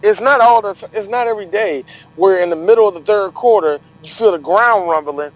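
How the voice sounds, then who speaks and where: A man's voice: high-pitched, a little fast, low-quality recording. A man co-hosting a casual sports podcast, joking, swearing and laughing often. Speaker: podcast co-host.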